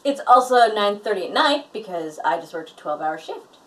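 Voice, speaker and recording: A woman's voice: medium pitch, expressive, a little fast, a bit bright, far from the mic, poor audio. A young woman co-hosting a casual chat, talkative and explaining things at length. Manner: chatty and explanatory. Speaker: co-host.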